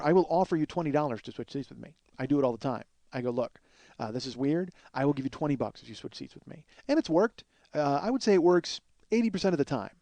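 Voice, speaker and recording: A man's voice: fairly high pitch, mellow, no echo. A man hosting a podcast, telling a long comic story in a profane, ranting, self-mocking way. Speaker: podcast host. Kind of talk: solo comedic storytelling monologue.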